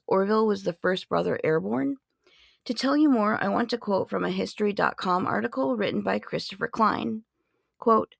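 A woman's voice: mid-range voice, vocal fry, no echo, clean studio sound. A woman in her forties hosting a podcast, sharing history facts in a playful, chatty way with sarcastic asides. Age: 40s. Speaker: podcast host. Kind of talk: casual fact-sharing monologue.

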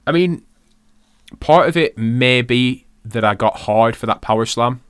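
A man's voice: mid-range voice, a little slow, fairly bright tone, smooth, no echo, clean studio sound. A British man co-hosting a podcast in casual chat, laughing often and swearing casually. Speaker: podcast co-host.

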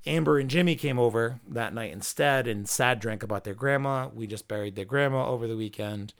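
Speaking a little fast in a mid-range voice, a man hosting a podcast tells a long, profane, rambling story in a casual way, quoting the dialogue of the people involved.

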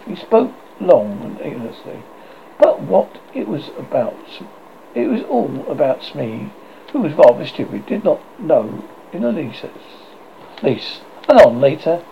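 Gravelly male storybook narrator. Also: a little high, huge pitch swings, slight background noise. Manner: halting reading with frequent restarts. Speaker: audiobook narrator. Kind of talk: storybook reading. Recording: dull lo-fi recording.

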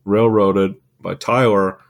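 A man co-hosting a podcast who recaps events in a relaxed, easygoing way with plenty of fillers. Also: fairly low pitch, slow, creaky. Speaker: podcast co-host. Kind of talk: casual chat.

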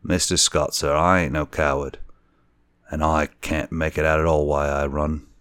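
A man's voice: very deep voice, little pitch movement, normal speed, fairly bright tone, clear, resonant tone, dry recording, clean studio sound. A man voicing a young Cockney bellboy and former soldier, deferential and anxious, forever saying sir. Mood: telling tale.

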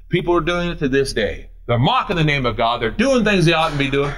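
A male pastor preaching a sermon. He reads scripture slowly and then explains it in plain, everyday talk. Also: a little high, very animated, fairly bright tone. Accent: Midwestern American.

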